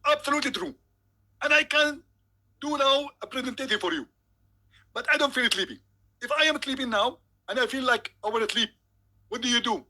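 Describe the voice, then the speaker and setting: Guy putting on a pompous preacher voice, pushed up high, loud and sure of himself, kinda husky. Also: expressive, brisk, long pauses, full character voice. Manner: emphatic, pompous, raised voice. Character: smug, insistent adult male preacher answering a call. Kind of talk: comedic impression.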